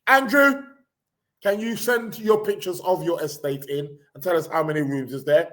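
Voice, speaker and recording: A man's voice: on the high side, animated, normal speed. A man hosting a podcast, reading out the news in a rambling, sarcastic way, with lots of fillers and restarts. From England. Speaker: podcast host. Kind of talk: casual live chat reading news.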